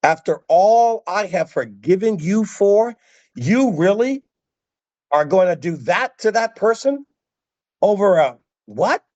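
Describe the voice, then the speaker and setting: A man's voice: low voice, wildly swooping pitch, takes it slowly, creaky, hardly any pauses, darkish tone, husky, dry recording, highs cut off, heavily acted. A man voicing an outraged king who scolds an ungrateful servant with incredulous, repeated questions.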